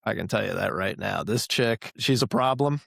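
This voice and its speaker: A man in his thirties hosts a podcast, telling stories in casual conversation as an animated storyteller prone to playful exaggeration. His gravelly voice sits lowish and moves at a moderate pace, recorded at studio quality with no room sound.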